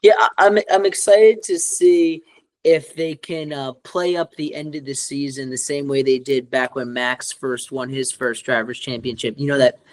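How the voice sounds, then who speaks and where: Guy cohosting a podcast, rambly, lots of um and right, dry close mic, middle pitch. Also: fairly even intonation, moderate pace, no echo. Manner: rambling, many fillers and restarts. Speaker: podcast co-host. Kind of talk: casual chat.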